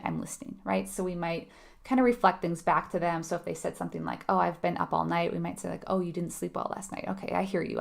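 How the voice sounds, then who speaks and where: Female exam tutor, gravelly edge, chatty, quizzes her class as she goes. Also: lowish voice. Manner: conversational, asks the audience questions, laughs lightly. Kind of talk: live online teaching.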